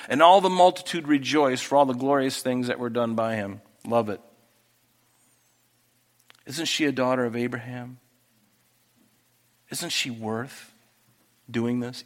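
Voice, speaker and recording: A man preaching a sermon, who swings from loud, emphatic scripture reading to quiet, intimate asides. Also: medium pitch, unhurried, long pauses. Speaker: pastor.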